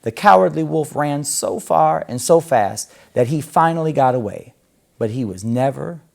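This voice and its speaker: A man reading a children's story aloud in a gentle, expressive storytelling way. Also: fairly high pitch, moderate pace, gravelly.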